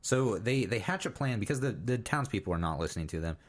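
A young man with a low, deep voice talks through cartoon episodes on a podcast. He stops and restarts often, uses plenty of fillers, and quotes the characters as he goes. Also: expressive. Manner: halting, with many fillers, restarts and quoted lines. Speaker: podcast co-host. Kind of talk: casual chat recapping a cartoon. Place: studio.

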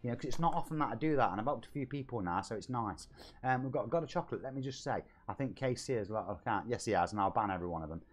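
Chatty man, lively pitch. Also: rapid-fire. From Nottingham, England. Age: 40s. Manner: chatty, reads chat aloud, jokey. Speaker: game streamer. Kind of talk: casual live-stream chat.

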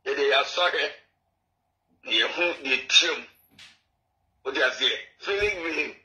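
A man's voice: on the high side, unhurried, bright, forceful tone, echoey room, poor audio. A man calling in to an advice show who rambles in broken English. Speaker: caller. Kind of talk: phone-in conversation.

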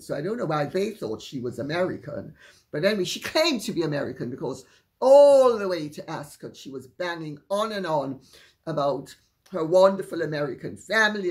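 A woman hosting her own channel, telling a gossipy story in a chatty, candid way with frank asides. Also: low voice. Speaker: channel host.

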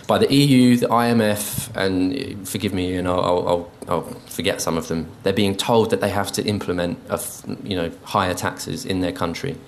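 A man's voice: sits low, steady tone, normal speed, few pauses, slight background noise. A man giving an informal conference talk, hesitant and full of ums, with an indignant edge. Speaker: conference speaker. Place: conference venue.

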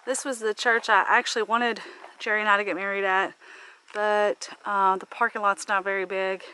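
Strolling a park loop outdoors on a rural road, this vlogger talks to her camera about what she sees and lets off steam casually. Her medium-pitched voice is level and sharp at a moderate pace, with faint insect ambience and slight background noise.

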